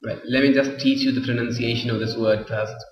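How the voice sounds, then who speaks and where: A man teaching an English literature class, explaining slowly and often repeating himself. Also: medium pitch, fairly even intonation, a little hiss or hum. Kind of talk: classroom lecture. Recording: roomy echo, far from the mic, dull lo-fi sound.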